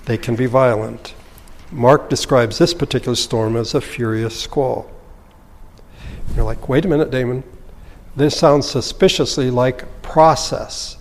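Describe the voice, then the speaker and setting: A man's voice: mid-range voice, a little mellow, in a large hall. A man preaching a sermon as a pastor, earnest and explanatory, often asking rhetorical questions.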